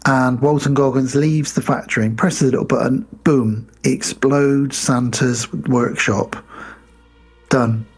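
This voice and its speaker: A man co-hosting a podcast, casually recapping a film plot and slipping into quick mock voices. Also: mid-range voice, fairly even intonation, breathy edge, faint music behind. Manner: retells scenes with quick mock voices and laughs. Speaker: podcast co-host.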